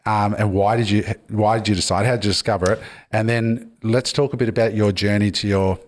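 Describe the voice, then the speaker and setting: A man hosts a podcast in a casual interview, speaking in a low voice. He is easygoing and keeps framing the talk for the listeners. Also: steady tone, fairly quick. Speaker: podcast host.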